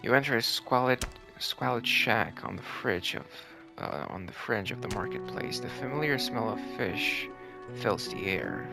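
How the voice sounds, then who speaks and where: A man playing a game on video, reading the game's dialogue aloud with his own asides and quiet mutters, game music behind. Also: lowish voice, sing-song, measured pace, vocal fry. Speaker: gaming video host. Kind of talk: let's play, reading game text aloud.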